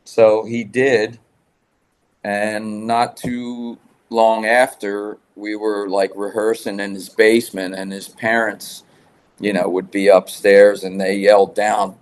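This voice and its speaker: A man's voice: fairly low pitch, level tone, slow pace, smooth. A man guest telling rambling rock-scene stories in a casual interview, swearing freely. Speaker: guest musician.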